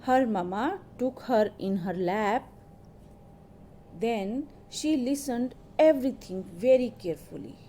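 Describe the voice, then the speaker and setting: A woman teaching an English lesson who explains new words slowly and repeats them for her students. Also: fairly high pitch, lively intonation, dark tone, a little hiss or hum. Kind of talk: classroom lesson.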